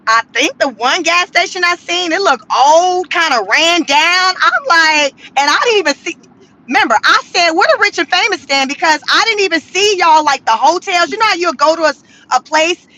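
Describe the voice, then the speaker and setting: A woman's voice: very high-pitched, moderate pace. A woman vlogger telling stories in a car, talking casually with lots of slang, cursing and laughter. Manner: animated, profane, laughing, slangy. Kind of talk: casual storytelling to camera.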